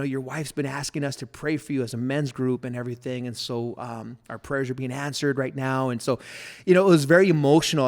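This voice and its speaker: A middle-aged man with a voice of ordinary pitch, telling his own story as a guest on a podcast. He talks in an earnest, rambling way, full of "you know" and "man", and at times sinks to a soft, hushed tone. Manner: earnest storytelling with many fillers. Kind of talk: personal testimony in a podcast interview.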